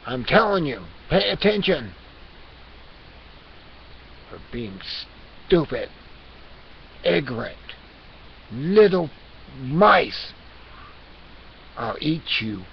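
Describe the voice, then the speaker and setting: A man's voice: on the low side, takes it slowly, pauses often. A man voicing a male house cat who rants and scolds, hectoring listeners to pay attention. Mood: scolding. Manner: hectoring, conspiratorial, repeats demands to pay attention. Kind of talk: comic character rant. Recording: dull lo-fi recording with hiss.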